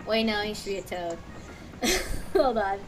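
A woman's voice: medium pitch, lively intonation, unhurried, far from the mic, a little hiss or hum, low-quality recording. A woman hosting a casual let's play, giggling and cursing playfully. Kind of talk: casual gaming commentary.

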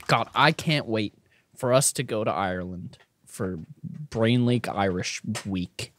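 A young man co-hosting a podcast in casual chat, goofy and excitable, laughing a lot. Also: lowish voice, slow. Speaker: podcast co-host.

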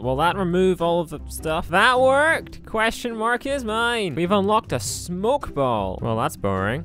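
A young man giving excitable, exclamation-filled commentary while playing a game, swearing and talking to the objects on screen. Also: high voice. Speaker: gaming YouTuber. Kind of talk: let's play commentary.

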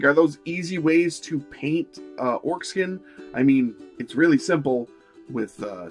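A man hosting a miniature painting tutorial, talking in a relaxed, rambling way with many fillers. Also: medium pitch, vocal fry. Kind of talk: casual tutorial narration.

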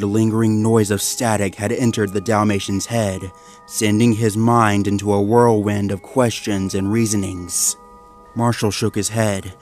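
A man's voice: on the low side, darkish tone. Man narrating a horror story. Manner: measured, dramatic storytelling delivery. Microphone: voice-over. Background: faint background music.

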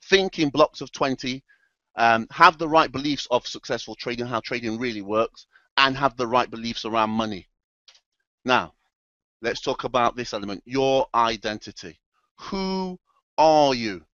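A man's voice: medium pitch, normal speed, a bit bright, no echo, muffled recording. A man presenting a motivational trading seminar, speaking emphatically and addressing the audience directly.

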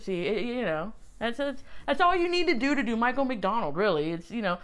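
A woman with a smooth voice chats casually as she reads an old music magazine out loud. She is wry and self-mocking, and she often breaks off to gasp over a find. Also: on the high side, big pitch swings, a little fast. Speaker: podcast host.

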